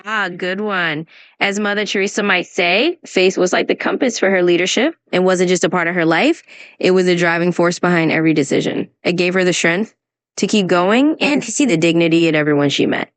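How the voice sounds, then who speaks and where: This scripted conversation practice features a synthetic woman's voice, fairly low and a little fast, with no room sound. Acting as an AI English tutor, she cheerfully answers questions and gives encouraging pronunciation advice.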